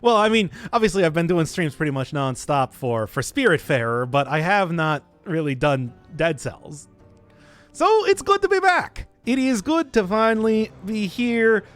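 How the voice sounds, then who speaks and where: Faint music plays behind a man with a high-pitched, sing-song voice and a fairly bright tone, speaking at a moderate pace. While streaming a game, he answers chat in a jokey, rambling way, often interrupting himself and restarting his casual commentary.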